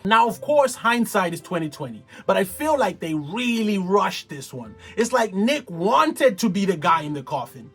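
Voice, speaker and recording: A man's voice: high voice, normal speed, few pauses, slightly rough, faint music behind. A man talking casually and animatedly in slangy commentary, recapping a TV show. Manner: animated, slangy, acts out others. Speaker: TV recap vlogger.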